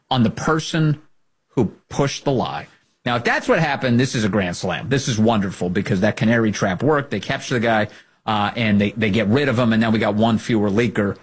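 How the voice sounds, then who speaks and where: A man's voice: lowish voice, slightly rough. A man hosting a talk show, delivering sarcastic political commentary in a mocking tone. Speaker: show host.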